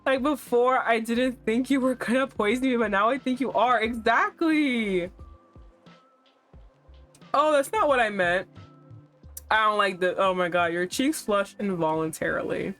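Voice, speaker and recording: A woman streams a dating game, reading its text aloud and reacting with animated, laughing outbursts. Her pace is slow and drawn out. Faint music plays under her voice. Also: a little high.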